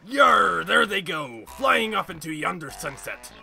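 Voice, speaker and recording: A man's voice: high voice, sing-song, measured pace, creaky, pushed and bright, soft background music, exaggerated voice. A man voicing a blustering male sky-pirate leader who talks like an old-time pirate. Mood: hammy. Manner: hammy pirate talk, boisterous.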